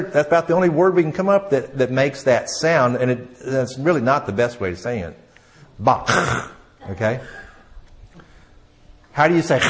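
Guy giving a class talk, stops and restarts a lot, asks the room questions, gets quiet at the end of lines. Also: mid-range voice. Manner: conversational, halting, asks the audience questions. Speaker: teacher. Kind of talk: classroom lecture.

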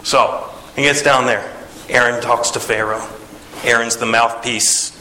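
Animated, bright-voiced male storyteller in echoey room. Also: a little slow, slight background noise. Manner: animated, acts out voices with sighs and pitch jumps. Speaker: preacher. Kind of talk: casual retelling of a Bible story.

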